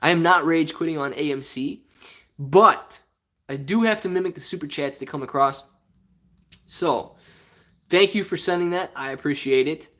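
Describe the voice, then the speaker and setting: A man's voice: fairly high pitch, normal speed, pauses often, sharp tone. A man from Ohio hosting a casual live stream, reading viewer comments aloud in a rambling, joking way and often laughing. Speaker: stock livestream host.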